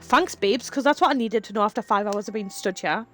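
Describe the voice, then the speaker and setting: A woman's voice: medium pitch, a little fast, faint music behind. A woman, chatting casually with her live chat, laughing often and telling rambling stories. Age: 30s. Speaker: streamer.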